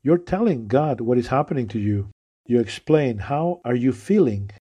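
A man preaching a sermon in an earnest way, pausing often and using fillers as he speaks. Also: mid-range voice, expressive, dark tone, breathy edge, dull audio. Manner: earnest, with frequent pauses and fillers.

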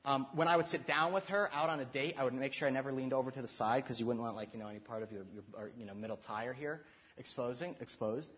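A man's voice: medium pitch, fast, a little hiss or hum. Earnest man in a lo-fi talk. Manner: earnest, self-deprecating, with many restarts. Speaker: speaker to married couples. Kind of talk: heartfelt talk on marriage.

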